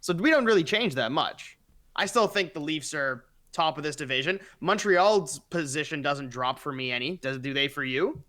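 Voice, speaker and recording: Bright, playful sarcastic man. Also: a little high, animated, normal speed. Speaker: podcast co-host. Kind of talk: casual sports chat.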